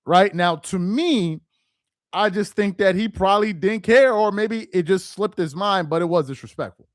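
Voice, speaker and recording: Male live-stream commentator, high voice, dry close sound, slangy and repetitive delivery. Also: normal speed, no room sound. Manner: loose, slangy, repeats himself for emphasis.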